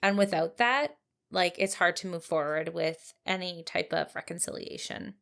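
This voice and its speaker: A woman co-hosting a true-crime podcast, telling the case in a steady, storytelling way and answering her co-host calmly. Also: fairly low pitch, normal speed, creaky. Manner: steady storytelling, calm and supportive. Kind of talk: true-crime narration and chat.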